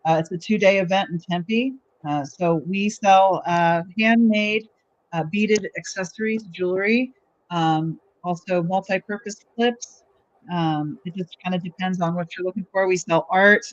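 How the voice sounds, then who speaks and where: A woman on a podcast talking hesitantly about the crafts she sells, with many pauses and fillers. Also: fairly low pitch. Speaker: podcast guest and craft vendor. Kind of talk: casual podcast chat. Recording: dry, dull lo-fi sound.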